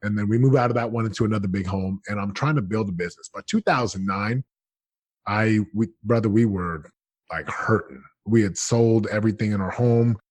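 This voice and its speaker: A man in his thirties telling his story as a podcast guest, earnest and animated, often acting out what he said. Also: lowish voice, fairly quick, dry recording. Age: 30s. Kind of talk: candid storytelling.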